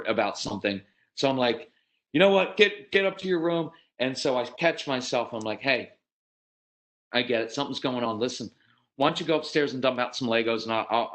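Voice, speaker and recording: A man in his fifties giving a seminar talk to parents, telling stories animatedly, acting out quotes and repeating words as he starts sentences. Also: medium pitch. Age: 50s. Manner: animated storytelling, acts out quotes. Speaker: parenting speaker.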